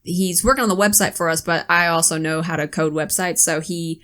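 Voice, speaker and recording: A woman co-hosting a podcast, chatting casually and telling animated stories, swearing freely and acting out quotes. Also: fairly low pitch, fairly quick. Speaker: podcast co-host. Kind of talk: casual chat.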